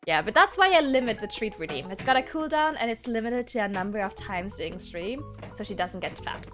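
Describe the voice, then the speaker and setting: A young woman with an expressive, medium-pitched voice streams a game, talking fairly quickly. She chats casually and giggles, sometimes switching between English and German, while faint game music plays in the background.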